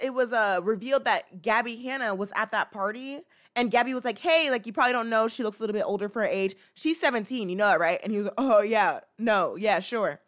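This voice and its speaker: A woman in her mid-twenties hosts a casual commentary podcast. Her voice sits a little high, and she talks in a loose, animated rant that is full of restarts and asides. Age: 20s. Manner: animated, ranting, many restarts. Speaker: podcast host.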